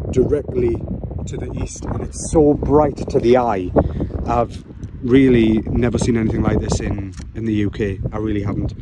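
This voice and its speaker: A man talking into his phone camera outdoors at night, breathless, excited and rambling. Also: medium pitch. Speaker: landscape photographer vlogger. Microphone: phone camera held by hand. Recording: heavy wind noise on phone mic. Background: loud wind.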